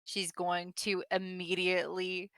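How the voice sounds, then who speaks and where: A woman's voice: on the low side, monotone, a little slow, a bit bright, no echo. A woman playing a tabletop game, talking in a casual, matter-of-fact way. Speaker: player.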